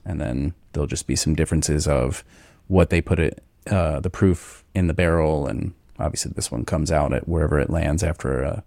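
A man hosting a podcast, talking in a relaxed, rambling way with many fillers. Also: very deep voice, gravelly, no echo, clean studio sound. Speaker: podcast host. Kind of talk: casual chat.

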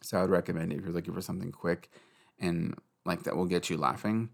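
Man, very low voice, casual late-night rambling, profane, giggly. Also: fairly even intonation, quick pace, vocal fry. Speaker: book vlogger.

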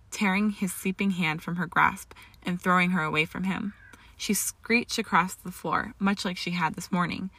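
Woman narrator, low gravelly voice, steady storybook reading. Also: no room sound. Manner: reads dialogue with raised emotion, small slips and restarts. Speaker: fan fiction reader. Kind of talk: audiobook-style story narration.

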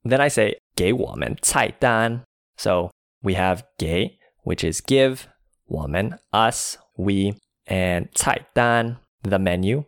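Low-voiced man explaining phrases. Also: takes it slowly, gravelly, no echo, studio quality. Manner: explains word by word, spelling out tones. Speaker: language teacher playing a diner. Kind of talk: language lesson.

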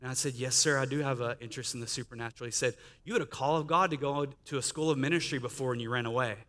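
Man, chatty preacher telling his story, bright tone, long hall echo. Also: mid-range voice, fairly even intonation, quick pace. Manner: conversational storytelling with quoted dialogue and laughter. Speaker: guest speaker sharing testimony. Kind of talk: testimony sermon. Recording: reverberant church hall.

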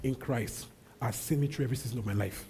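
A young man with a husky voice preaching a sermon as pastor, emphatic, repeating his phrases and swinging from loud calls to low asides. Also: fast talker.

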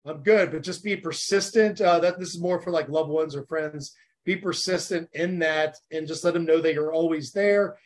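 A man in his forties from the United States, a podcast guest talking in an animated, earnest and heartfelt way. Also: on the high side, moderate pace. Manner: animated, earnest and heartfelt, talks about faith. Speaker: podcast guest, former Navy SEAL. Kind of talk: casual interview chat.

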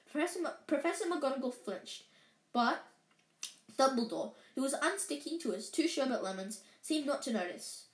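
A woman's voice: high voice, lively intonation, moderate pace. A woman reading a story aloud, with small slips and restarts. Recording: roomy echo.

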